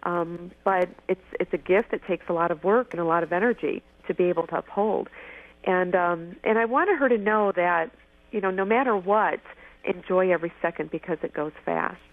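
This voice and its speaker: A woman's voice: fairly low pitch, moderate pace, no echo. A woman in her forties from Michigan, a guest telling stories in an eager rush, often restarting her sentences. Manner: eager, tumbling phrases with frequent restarts. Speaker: guest, former pageant winner. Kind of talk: animated storytelling interview. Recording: tinny phone line, dry.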